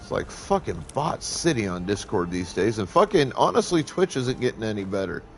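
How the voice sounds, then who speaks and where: A man's voice: normal speed, creaky, slight background noise. A man streaming a game live, ranting heatedly and swearing constantly. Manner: heated, swearing constantly, animated swings in pitch. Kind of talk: profane live-stream rant.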